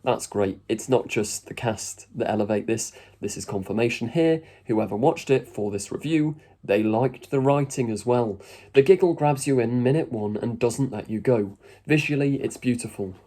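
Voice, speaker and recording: A man's voice: medium pitch, moderate pace, mellow. A man giving a chatty, rambling video review with casual asides. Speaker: YouTube reviewer.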